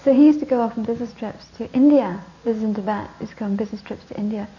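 Gravelly woman teaching with stories. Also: on the high side, very fast. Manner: lively storytelling, dropping into whispers. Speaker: Buddhist teacher. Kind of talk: dharma talk with storytelling. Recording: dull lo-fi recording with faint hiss.

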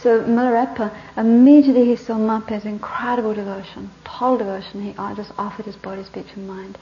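A woman Buddhist teacher tells a story during a dharma talk in a conversational way, restarting and letting sentences trail off softly. Her mid-range voice moves little in pitch and runs a little fast, on a dull lo-fi recording with slight background noise.

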